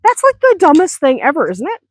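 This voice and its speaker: A woman's voice: fairly high pitch, lively intonation, normal speed, no room sound. Chatty woman vlogging from her farm. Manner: chatty, self-deprecating, laughs often. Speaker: vlogger, hobby farm owner. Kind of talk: casual vlog chat.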